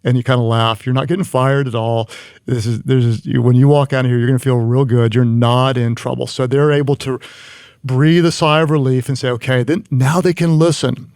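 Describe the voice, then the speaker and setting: A man's voice: medium pitch, fairly even intonation, brisk, a little mellow, clean tone, no room sound, clean studio sound. A man speaking as a leadership guest, explaining his advice earnestly in a conversational way, often restarting his sentences.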